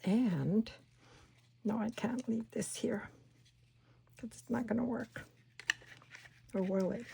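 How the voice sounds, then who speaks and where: Slow, husky woman chatting while crafting. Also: a little high, fairly even intonation. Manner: chatty, talks herself through each step, drops into soft whispers. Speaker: craft channel host. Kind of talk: casual crafting tutorial.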